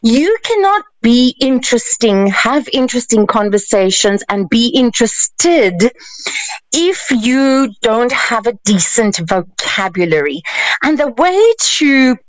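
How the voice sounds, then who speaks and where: A woman's voice: fairly high pitch, sing-song, slow pace, dry recording, rough recording. A woman, a life coach giving emphatic, playful advice on a radio show. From South Africa. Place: radio studio.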